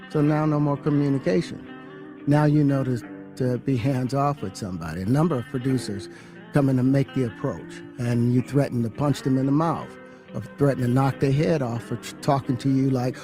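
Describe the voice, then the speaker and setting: A man being interviewed, telling stories in a forceful, emphatic way. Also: mid-range voice. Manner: forceful, emphatic, preachy about manhood. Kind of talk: interview storytelling. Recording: interview clip with music under it.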